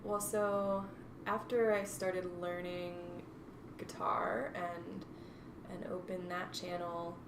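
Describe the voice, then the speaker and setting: In a casual interview chat, this reflective guest from North Carolina, USA, a woman in her twenties, keeps stopping to restart and leans on fillers. She speaks slowly, low in pitch with little pitch movement. Her recording comes from a distant mic in an echoey room, with faint noise.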